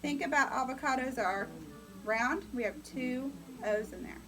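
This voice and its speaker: A woman's voice: sits high, normal speed, music in the background, low-quality recording. A woman teaching future teachers in a classroom, upbeat and coaching, often calling on students. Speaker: teacher educator. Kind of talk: classroom lecture.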